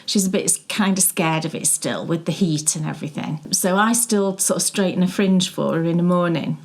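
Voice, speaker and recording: A woman's voice: fairly low pitch, a little fast. Chatty woman telling stories. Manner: chatty, storytelling, laughs often. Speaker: podcast co-host. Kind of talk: casual knitting chat.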